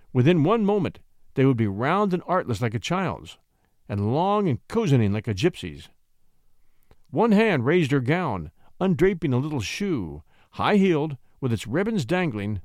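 A man narrating a classic short story in a theatrical, expressive reading. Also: a little high, no echo, clean studio sound.

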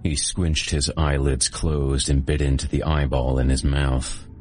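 A man hosting and narrating a horror audiobook in a steady first-person storytelling manner. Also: a bass voice, measured pace, soft background music. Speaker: host and narrator.

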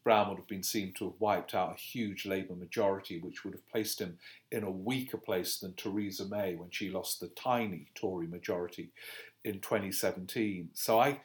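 Speaking in a low voice, a male podcast host works through listener questions on politics. He answers in a halting, casual way, constantly using fillers and correcting himself.

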